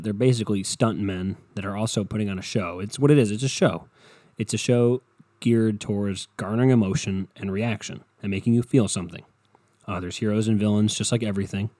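A young man rambles through a loose, profane comedic monologue, telling stories and ranting as he goes. His voice sits low with a dark, mellow tone. The sound is dry and close, with no room around it. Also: no echo. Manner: rambling, profane, animated storytelling.

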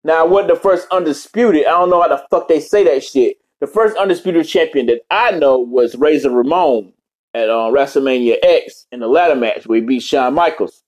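High-voiced man ranting and swearing. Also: moderate pace, a little mellow. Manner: heavy swearing, rambling tangents. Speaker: vlogger. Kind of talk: casual rant.

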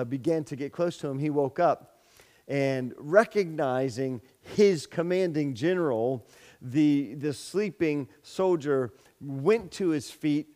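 A male pastor delivers a sermon in a fairly high voice, telling a story with frequent restarts and repeated words. He raises his voice sharply for the story's dialogue. The sound carries a long reverb from a hall. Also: darkish tone.

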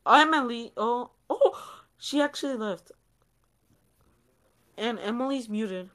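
A woman's voice: on the high side, expressive, slow, a bit bright. A woman co-hosting a casual podcast over an online call, trying to keep the others on track. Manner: bossy, keeps the others in line. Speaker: podcast co-host. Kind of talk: casual chat. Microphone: headset on an online voice call.

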